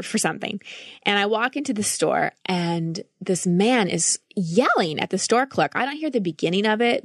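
A woman's voice: lowish voice, creaky, no room sound, studio quality. A woman life coach hosting a podcast, talking through her thoughts in an earnest, reflective monologue with frequent restarts.

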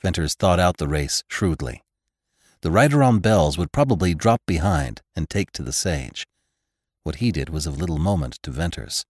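A man reading a classic western novel aloud as a podcast narrator, with measured, dramatic storytelling and grim, low-voiced character lines. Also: expressive, a little mellow, no echo, clean studio sound. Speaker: audiobook narrator. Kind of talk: scripted narration.

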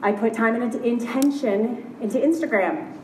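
A woman with a high, bright-toned voice delivers a keynote on stage, chatty and candid, tossing in quick asides. Her voice carries through a roomy hall and reaches the mic from some distance, with faint ambience behind it. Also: slight background noise. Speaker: keynote speaker. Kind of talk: live conference keynote talk. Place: large conference hall.

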